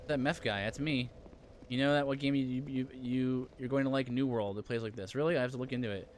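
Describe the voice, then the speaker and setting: A man streaming a game live, talking loosely with his chat in a mid-range voice, with lots of ums and quick asides. A clear layer of noise sits behind his voice throughout. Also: mid-range voice, fairly even intonation. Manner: chatty, reads and answers viewer chat, frequent fillers. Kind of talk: casual live-stream chat while playing.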